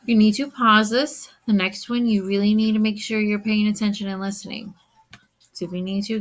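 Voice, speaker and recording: Slow, gravelly-voiced woman teacher. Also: mid-range voice, fairly bright tone, low-quality recording. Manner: talks to students directly, counts aloud, checks understanding. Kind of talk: recorded math lesson.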